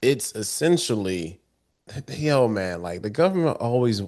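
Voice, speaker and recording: A man co-hosting a podcast, chatting in a relaxed, slangy way with frequent restarts. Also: lowish voice, measured pace. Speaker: podcast co-host. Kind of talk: casual chat.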